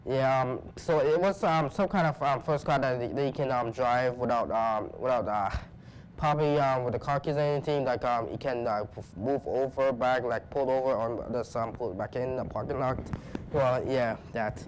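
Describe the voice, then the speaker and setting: A young man talks as a first-time guest at a mid pitch, groping for words with constant ums and false starts. His casual chat has a faint hiss under it. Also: moderate pace, rough recording. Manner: hesitant, filled with ums and restarts. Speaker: guest co-host.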